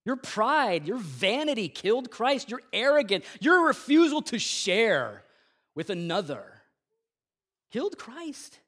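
Male pastor, high voice, preaching with intense swings from loud emphasis to hushed lows, slangy asides. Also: big pitch swings, slow pace. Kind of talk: Good Friday sermon.

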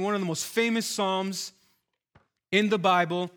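A man's voice: high-pitched, fairly even intonation, a little slow, fairly bright tone. A man preaching a sermon as pastor of his church, speaking earnestly and building to emphatic, repeated exhortations.

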